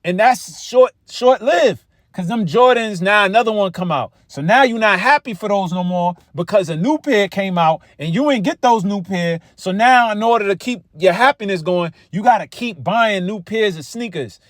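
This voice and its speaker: This man's voice sits high and a bit bright, moving at a moderate pace with hardly any pauses. His street-style Bible teaching is loose and conversational, packed with cursing and repeated words, captured in clean studio sound without echo.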